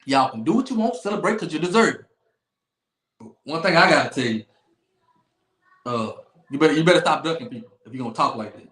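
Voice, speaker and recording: A man hosting a sports talk stream, his fairly high voice swinging widely as he hammers his points. He repeats phrases and talks noise with big emphasis. The sound carries a roomy echo. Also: animated, fast talker, long pauses, a bit bright. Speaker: podcast host. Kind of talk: animated sports talk livestream.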